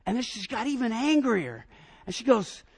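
A man in his fifties, a pastor preaching a sermon, telling personal stories in an animated way and often repeating his first words. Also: extremely high pitch, normal speed, husky. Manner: animated storyteller, repeats words when starting sentences.

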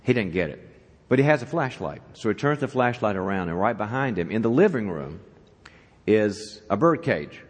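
At a church leadership event, a man with a lowish voice speaks to the audience at normal speed, telling a joke conversationally and questioning the crowd. He is an animated storyteller, and the conference talk is recorded in a reverberant hall.

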